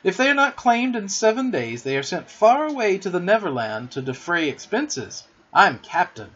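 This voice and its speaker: A man's voice: sits high, moderate pace, breathy edge, pitched above the performer's own voice, full character voice. A man doing a carefree boastful boy who won't grow up. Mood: boyish, eager. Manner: lively, boyish, carefree. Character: eager boastful young boy who never grows up. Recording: dull lo-fi recording.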